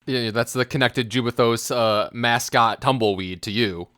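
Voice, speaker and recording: A man's voice: medium pitch, moderate pace, fairly bright tone, clear, resonant tone, no echo, studio quality. A man co-hosting a casual gaming podcast, drawling his playful jokes. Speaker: podcast co-host.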